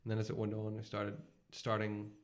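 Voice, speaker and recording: A man's voice: fairly low pitch, monotone, fairly quick. A young man co-hosting a podcast, chatting casually and laughing easily. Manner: laid-back, laughs easily, short reactions. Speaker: podcast co-host. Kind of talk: casual chat.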